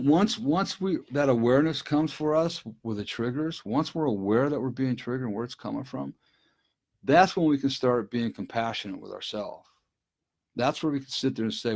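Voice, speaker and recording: A man's voice: medium pitch, vocal fry, darkish tone, husky. A middle-aged man speaking earnestly and directly to listeners on a casual live stream from his desk at home. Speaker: recovery speaker.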